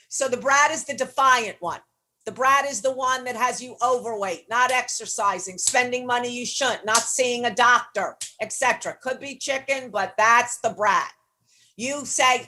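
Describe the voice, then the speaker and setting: A middle-aged woman coaches on leadership in a motivational teaching session, blunt and emphatic, with casual swearing. Her voice is fairly high-pitched and sharp in tone, at a moderate pace.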